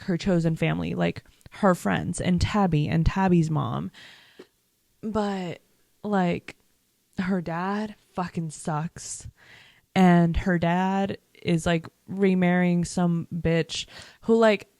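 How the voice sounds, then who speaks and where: A woman's voice: lowish voice, creaky, a little mellow, dry recording, studio quality. A young woman vlogger chatting casually about a TV series, emphatic and full of "like" and swearing. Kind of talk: casual reaction chat.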